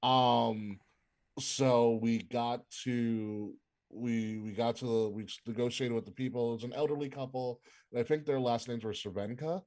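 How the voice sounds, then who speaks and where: A man's voice: mid-range voice, steady tone, unhurried, darkish tone. A man, co-hosting a podcast and telling a casual story with lots of fillers. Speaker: podcast co-host. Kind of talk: casual chat.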